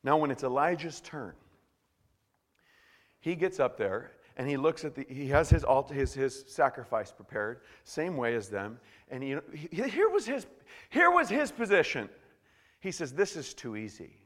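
A man preaching a sermon in an animated way, swinging from hushed to loud. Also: on the high side, a little slow, long reverb tail. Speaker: pastor.

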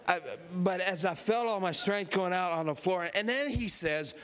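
A high-voiced male preacher tells a story in his sermon at normal speed. He's a lively storyteller, laughing as he acts out the voices and quotes of the people involved.

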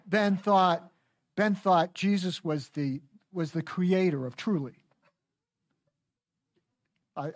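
A woman's voice: deep voice, dry recording, clean studio sound. A woman preaching a sermon in a folksy, teasing and emphatic manner.

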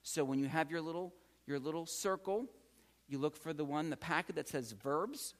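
A man's voice: on the high side, normal speed. A man giving a patient, encouraging classroom lecture as a Greek teacher, often repeating key words. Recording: long hall reverb.

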